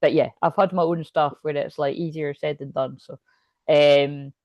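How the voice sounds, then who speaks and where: Deep-voiced and fairly even in intonation, a woman speaks at normal speed on a recording with no echo and the highs cut off. As a psychic medium doing a casual tarot reading, she rambles chattily, interrupts herself mid-sentence, hiccups, and laughs frequently.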